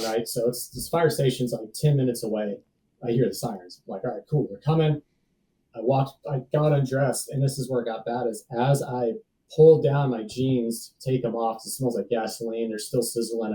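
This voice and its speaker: Guy in his 30s, real dark mellow voice, slangy laid-back storytelling, sits kinda far from the mic. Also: medium pitch, steady tone, moderate pace. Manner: casual and slangy, calls the listener dude and bro. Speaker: podcast guest, safety professional. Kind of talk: personal storytelling in a conversation.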